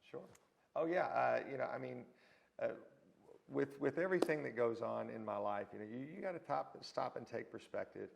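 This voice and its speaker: A gravelly, mid-range male voice at a moderate pace, with background noise. He's a guest in a casual interview, animatedly telling stories and acting out the people he quotes.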